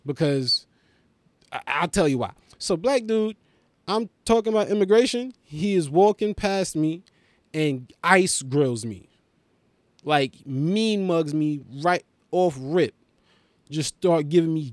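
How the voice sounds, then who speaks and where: A man from Haiti hosting a podcast, telling a street story in a casual, profane, animated way and acting out other people's voices. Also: on the high side, unhurried, no echo. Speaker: podcast host, comedian.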